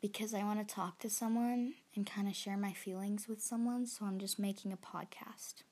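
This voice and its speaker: A woman's voice: medium pitch, fairly even intonation, normal speed, darkish tone. A young woman, chatting into her phone for a casual solo podcast, rambling and self-conscious, often dropping to a whisper. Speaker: podcast host.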